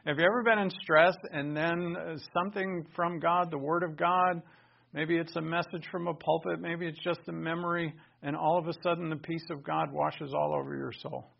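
A male pastor preaching a sermon in an animated, conversational way, with sarcastic asides to the congregation. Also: on the high side, moderate pace, gravelly, lo-fi sound.

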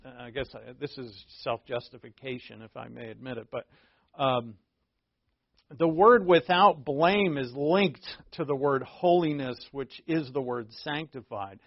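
A man preaching a sermon as a pastor, teaching conversationally with asides and self-corrections, and slowing down to stress key words. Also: mid-range voice, vocal fry, no echo. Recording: dull, lo-fi dry recording.

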